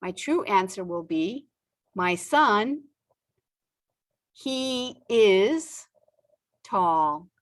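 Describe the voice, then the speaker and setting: A middle-aged woman teaching a beginner English lesson, saying example sentences slowly with frequent pauses. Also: medium pitch, animated. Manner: stretches out example sentences, pausing often. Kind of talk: slow, deliberate ESL lesson.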